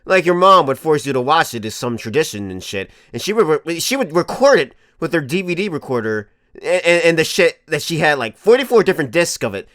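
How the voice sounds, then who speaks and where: A man in his twenties telling a comic story to camera as a vlogger, animated and profane, often laughing. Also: a little high, a little fast, dry recording, studio quality. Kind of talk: comedic storytelling monologue.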